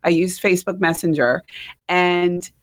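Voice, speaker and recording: A middle-aged woman with a New Jersey accent hosts a podcast, telling stories in a chatty, rambling way. Her voice sits a little low, and she laughs easily between thoughts. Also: fairly even intonation, measured pace. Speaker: podcast host. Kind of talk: casual chat.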